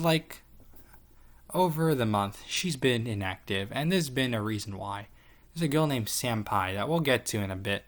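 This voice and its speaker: Give me a rambling, profane guy ranking his online friends. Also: on the low side. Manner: rambling, profane, lots of fillers and restarts. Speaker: tier list commentator. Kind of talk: casual profane commentary.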